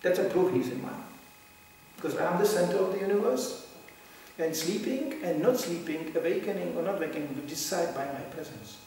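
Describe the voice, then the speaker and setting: Pitched high and a touch mellow, this man speaks with animation and at a fairly quick clip. His informal, story-driven sermon is a scripture class where he mimics people in little voices and keeps chuckling. It was recorded from afar in a large, echoey hall with faint background hum.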